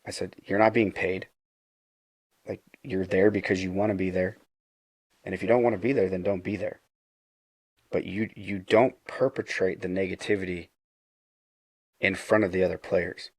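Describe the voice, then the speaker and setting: A deep, gravelly man's voice tells a story from his own life, earnest and unpolished, with frequent restarts. His tone is husky. The sound is dry and close. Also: flat delivery, normal speed, long pauses, no room sound. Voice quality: low gravelly voice. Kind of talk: casual storytelling.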